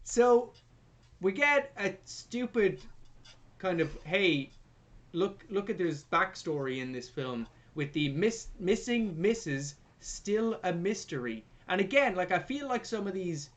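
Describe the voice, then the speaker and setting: Lively, sarcastic, sweary man. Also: high voice, slow pace. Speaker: podcast co-host, film reviewer. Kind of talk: casual chat recapping a film.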